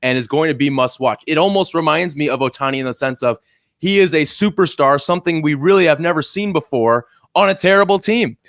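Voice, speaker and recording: A man's voice: on the high side, fairly quick, fairly bright tone, no echo, studio quality. A man co-hosting a college football podcast, talking casually and teasing his co-host. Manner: upbeat, teasing banter. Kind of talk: casual sports chat.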